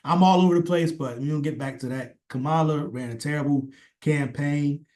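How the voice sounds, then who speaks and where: A commentator with a fairly high, slightly mellow voice speaks at a moderate pace in a casual opinion rant. He rambles, swears often and hits his points with heavy emphasis.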